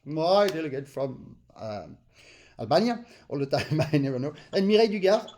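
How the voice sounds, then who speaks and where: A man with a French accent, not a native English speaker, teaches accordion in a live online master class. His voice is a little high and a little mellow, moving slightly fast with big swings in pitch, and he sings rhythms using syllables.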